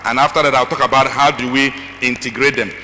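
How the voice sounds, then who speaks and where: A middle-aged man speaking as a conference speaker, animated and acting out voices with asides to the audience. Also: mid-range voice, fast talker. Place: large conference hall. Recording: long hall reverb, faint noise.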